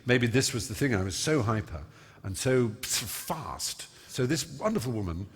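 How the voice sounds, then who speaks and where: Husky man, eloquent storyteller. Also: medium pitch, lively intonation, normal speed. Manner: eloquent, self-mocking, with many fillers. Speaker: guest. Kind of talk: on-stage interview, storytelling. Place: large concert hall stage. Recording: long reverb of a large hall.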